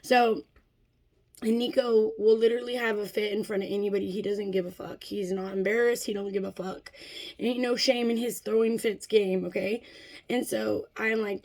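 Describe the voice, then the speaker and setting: A woman's voice: mid-range voice, fairly even intonation, normal speed, a little mellow. A woman in her thirties from California telling a long story in a casual vlog, swearing often and rambling with fillers and laughs. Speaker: vlogger.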